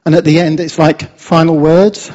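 A man's voice: a little high, little pitch movement, normal speed, a little mellow, dull audio. A man speaking to a church congregation in a chatty, informal, encouraging way, leading prayer and a sermon.

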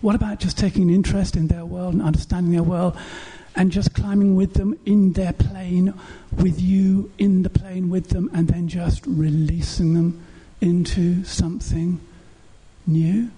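A man preaches from the pulpit, his voice pitched notably high yet mellow and soft in tone. A heavy huskiness runs through every phrase as he stacks up rhetorical questions, earnestly urging his congregation. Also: level tone, unhurried, breathy edge. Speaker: pastor. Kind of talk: sermon.

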